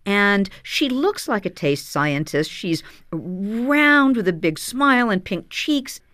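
Woman, author guest, radio interview, animated storytelling, lively pitch, dry sound. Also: takes it slowly, no echo. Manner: animated storytelling with frequent fillers. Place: radio studio.

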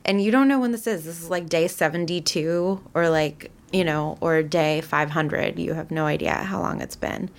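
A woman's voice: deep voice, moderate pace, gravelly, few pauses. A young woman casually retelling a story, chatty, full of voiced quotes and fillers. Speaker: guest.

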